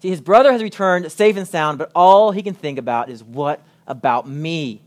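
A man delivering a sermon in an earnest preaching manner, his voice sitting a little on the high side. He reads scripture aloud and drives home each point with deliberate pauses. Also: animated.

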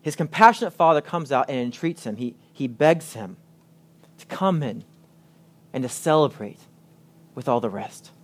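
A man preaching a sermon, reading scripture aloud and stressing points with emphatic pauses. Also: mid-range voice, lively intonation.

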